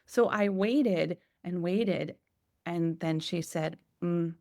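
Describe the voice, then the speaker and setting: Lower-voiced mother telling a story. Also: takes it slowly, no room sound, studio quality. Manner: animated, acts out quotes. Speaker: guest, parent. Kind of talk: casual storytelling.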